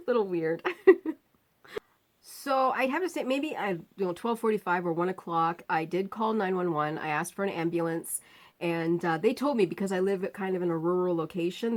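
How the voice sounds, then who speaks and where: Woman, casual vlogger, chatty storyteller, mid-range voice, quick laughs, lots of fillers. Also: mid-range voice. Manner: chatty, laughs often, many fillers and restarts.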